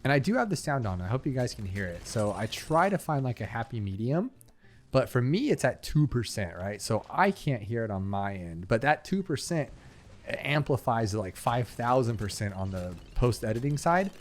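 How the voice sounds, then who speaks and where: This gaming channel host is a young man with a mid-range voice, speaking at a normal pace but in a very animated way. He rambles casually through his gameplay, leaning heavily on fillers and side comments, over a slight hiss or hum.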